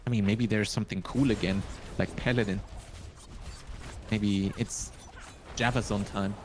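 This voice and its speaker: A man with a German accent talks casually on a live stream and reasons things through step by step as he speaks. His voice sits fairly low. A steady hiss of noise runs under the recording. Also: measured pace. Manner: thinks aloud, working things out step by step. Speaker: streamer and host.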